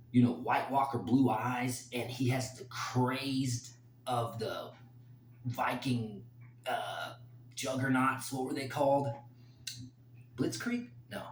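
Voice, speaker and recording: Excitable man in an echoey room. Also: medium pitch, slight background noise. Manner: excitable, emotional, rambling with fillers. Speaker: host making fight picks. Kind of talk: casual solo commentary.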